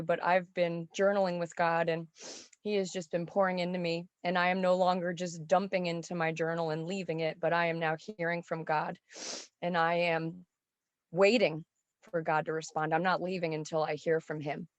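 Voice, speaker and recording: A middle-aged woman speaks a heartfelt, tearful testimony of faith. Her voice sits low and stays even in pitch. The sound is dry and close. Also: moderate pace, dry recording, highs cut off. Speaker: songwriting program member giving a testimonial. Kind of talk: emotional spoken testimonial.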